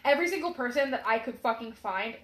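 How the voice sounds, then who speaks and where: Twenties woman, high pitch, animated profane storyteller, roomy echo. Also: quick pace. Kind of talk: casual chat, storytelling.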